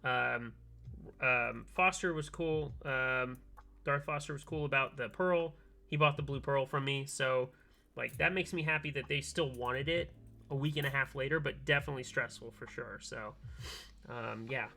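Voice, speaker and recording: A man streaming from his workbench, telling a long story in animated casual chat and acting out both sides of a phone call. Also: mid-range voice, moderate pace, creaky. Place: home workbench, soldering keyboards.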